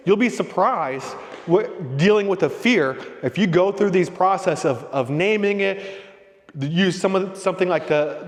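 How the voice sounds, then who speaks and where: A man's voice: on the high side, big-room sound. A middle-aged man hosting a leadership discussion group. He coaches in a loose, rambling way and keeps checking in with "right?" and "okay?". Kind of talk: casual motivational talk.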